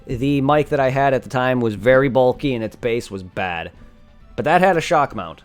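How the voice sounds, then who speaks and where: A young man chats casually on a live game stream, rambling, correcting himself, and reading game dialogue aloud into a desktop condenser mic. His mid-range voice is expressive and clean-toned, moving at a moderate pace. Faint music and a computer fan hum sit in the background.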